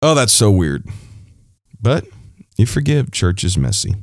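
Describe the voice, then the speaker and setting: With a lowish, gravelly voice and big pitch swings at a normal pace, a Christian podcast host answers a listener's question, preacherly yet conversational, frequently restarting and saying "you know". It's a dry, studio-quality recording.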